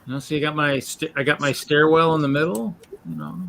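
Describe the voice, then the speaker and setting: A man chatting offhandedly as a guest on a live stream, a bit halting. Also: on the high side, fairly even intonation, creaky, bright, forceful tone. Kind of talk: casual live-stream chat.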